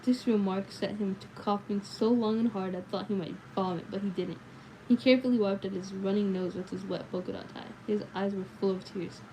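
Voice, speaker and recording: A woman reads a novel aloud on a livestream, her voice a little sore, stopping now and then to react casually to the story. Her pitch sits in the middle, and a faint hiss runs underneath. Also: steady tone, fairly quick, warm tone, low-quality recording. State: slightly sore voice. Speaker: livestream book reader. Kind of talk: reading a novel aloud with chatty asides.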